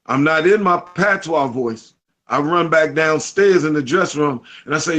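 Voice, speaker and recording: A man's voice: on the high side, moderate pace, muffled recording. A man from Washington D C with a Southeast DC accent, telling stories as a guest in an interview, acting out what people said. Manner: animated storyteller, acts out quotes. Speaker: interview guest, reggae artist. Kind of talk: storytelling in casual conversation.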